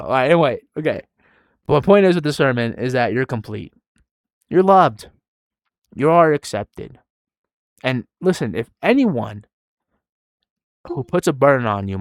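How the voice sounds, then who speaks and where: A man in his twenties giving a relaxed, conversational sermon, often dropping quiet and tired, then rising to stress a point. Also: medium pitch, no echo, clean studio sound. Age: 20s. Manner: soft-spoken, conversational, trailing quiet between emphatic rises. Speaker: preacher.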